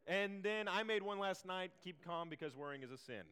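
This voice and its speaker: A man's voice: high voice, expressive, fairly quick, pushed and bright, clear, resonant tone, long reverb tail. A man preaching a sermon in a casual, chatty way, full of fillers and restarts.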